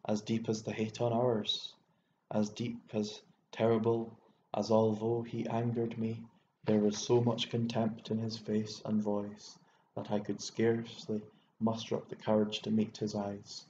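A man with an Irish accent narrating a literary audiobook in a low, level voice. His tone is mellow and dark. The recording is dull and lo-fi with a faint hiss. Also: monotone, unhurried.

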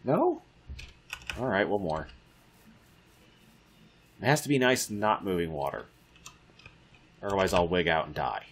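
Deep-voiced man muttering through a game. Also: expressive, normal speed, long pauses, a bit bright. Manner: mutters to himself and taunts game creatures. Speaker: gamer. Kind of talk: casual let's-play commentary.

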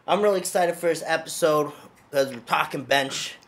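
A man's voice: a little high, fairly quick, a bit bright. A man hosting a casual strength-training podcast as a coach, talking in an upbeat, loose, conversational way.

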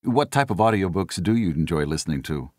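Very low-voiced male interviewer. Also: very animated, brisk, darkish tone, no echo, studio quality. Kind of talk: interview questions.

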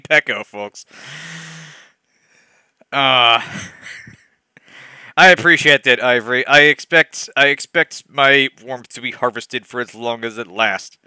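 A man's voice: mid-range voice, takes it slowly, bright, forceful tone, clear, resonant tone, no echo. A young adult man reading a bad novel aloud for a stream, breaking off into exasperated, laughing commentary. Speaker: let's play host reading a bad novel. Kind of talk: comedic reading aloud with asides to chat.

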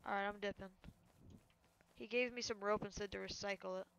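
A man talking fast and excitably while playing a survival game, his voice gravelly with fry. He jumps from one thought to the next in casual voice chat. The sound is dull and lo-fi, like a cheap headset mic. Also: high voice. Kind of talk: casual gaming chat over voice call.

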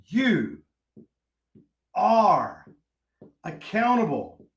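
A man's voice: high voice, wildly swooping pitch, drawn-out words. A man teaching a Bible study in a folksy, preachy way, acting out quoted dialogue.

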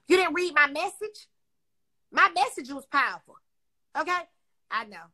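Brash, high-voiced woman on a phone live. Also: expressive, normal speed, long pauses, sharp tone. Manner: brash, profane, mocking. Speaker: Instagram live host. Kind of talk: casual trash-talking livestream.

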